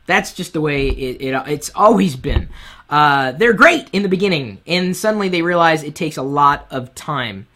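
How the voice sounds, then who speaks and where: A man with a high-pitched voice hosting a live-streamed web show from his studio set, talking candidly and from the heart into a boom mic on top of the camera. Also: moderate pace, slight background noise. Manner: animated, candid, speaks from the heart. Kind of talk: live-streamed advice talk. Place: home studio set with lights.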